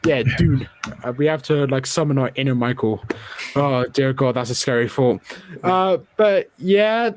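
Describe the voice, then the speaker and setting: A man's voice: mid-range voice, normal speed, dry recording. A young man hosting a casual film review podcast, opinionated and chatty. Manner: opinionated, chatty with filler words. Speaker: podcast host.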